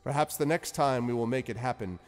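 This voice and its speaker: A man's voice: medium pitch, a little fast, big-room sound, lightly acted. A man voicing a jolly, eccentric male wizard who chatters whimsically. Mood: cheerful.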